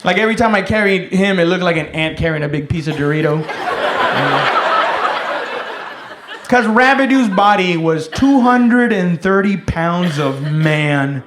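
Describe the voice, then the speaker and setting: A man's voice: sits high, animated, a little slow, a crowd in the background. A man doing stand-up comedy on a club stage, telling self-deprecating, profane stories in a loose, conversational way. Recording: roomy club with noisy audience.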